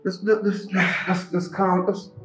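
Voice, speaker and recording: A man's voice: high-pitched, level tone, measured pace, loud music behind the voice. A man playing a pleading father. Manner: pleading, patois-laced, keeps repeating himself. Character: father bringing his teen daughter home.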